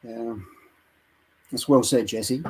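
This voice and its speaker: A middle-aged man co-hosting a Christian show, preaching with dramatic retellings that build to loud exhortations. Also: mid-range voice, fairly even intonation, slow, slightly rough, low-quality recording. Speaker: co-host of a Christian online show. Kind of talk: impassioned preaching and storytelling.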